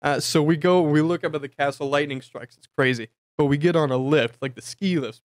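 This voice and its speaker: A man's voice: a little high, no room sound, studio quality. A man giving a casual, jokey recap of a tabletop game campaign, rambling with lots of fillers and self-corrections.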